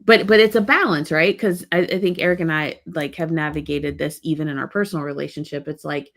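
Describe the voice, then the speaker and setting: A woman's voice: low voice, fairly even intonation, brisk, vocal fry, fairly bright tone. A woman speaking as a guest in a casual leadership webinar, conversational and checking in with her listeners.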